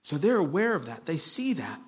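A man's voice: fairly high pitch, big pitch swings, moderate pace, breathy edge. Earnest man preaching a sermon. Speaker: pastor. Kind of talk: expository sermon.

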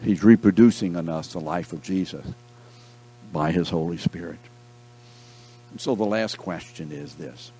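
A man's voice: low voice, moderate pace, long pauses, breathy edge. A man teaching a Bible lesson to a class, telling stories with jokes and calling on his students by name. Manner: animated, joking storyteller who calls on students by name.

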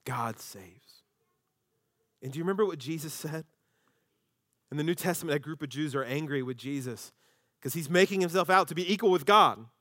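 A male pastor delivers a sermon in a conversational, humorous way. His voice sits a little above the usual male range and sounds dry and close. He is animated and changes his voice to act out the people he quotes. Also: fairly high pitch, fast talker, no echo. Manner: animated, shifts his voice when acting out quotes.

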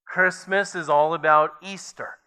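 Male pastor preaching, slow delivery, bright forceful tone. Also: on the high side, fairly even intonation. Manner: preaching with rising emphasis, reading scripture aloud. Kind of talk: sermon.

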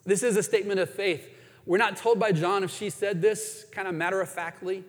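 A man preaching a sermon in an earnest way, moving between emphatic lines and hushed ones. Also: sits high, steady tone, a little fast. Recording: reverberant hall.

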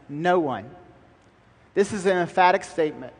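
A man's voice: on the high side, unhurried, big-room sound. A man preaching a sermon as pastor, emphatic and building through repeated lines.

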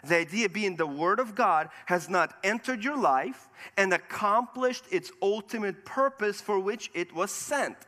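A man's voice: high-pitched, animated, measured pace, hardly any pauses, sharp tone. A man preaching a sermon, walking through scripture verse by verse and asking rhetorical questions. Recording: long hall reverb.

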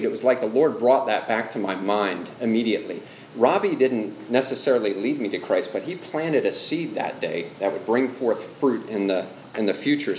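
A middle-aged male pastor teaching a church class on evangelism in a conversational way, asking the room questions and telling personal stories. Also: mid-range voice. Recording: roomy hall with faint background hum.

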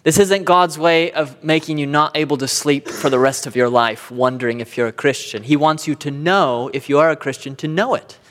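A man's voice: a little high, fairly even intonation, normal speed, hardly any pauses, fairly bright tone. Man preaching in an echoing hall. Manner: earnest, emphatic preaching with rising repeated phrases. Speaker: pastor. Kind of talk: sermon. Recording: long hall reverb.

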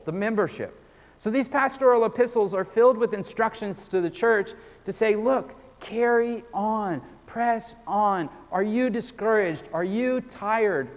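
A man preaching a sermon as a pastor, earnest and often repeating words as he starts sentences. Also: high voice. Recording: long hall reverb.

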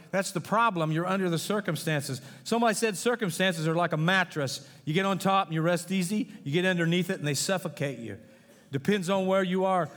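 With a high-sitting, fairly bright voice, a middle-aged pastor gives a folksy sermon that mixes jokes and scripture. The church sanctuary adds a long hall reverb.

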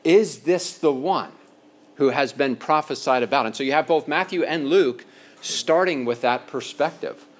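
A man teaching a sermon in a conversational way, slowing down on key phrases for emphasis. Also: fairly high pitch. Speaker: pastor.

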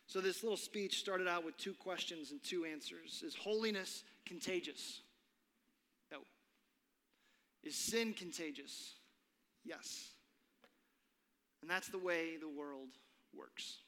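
A man preaching a sermon, dramatic and earnest, dropping his voice low for effect. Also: takes it slowly, pauses often, sharp tone. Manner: dramatic, drops to a whisper for effect. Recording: long reverb of a large hall.

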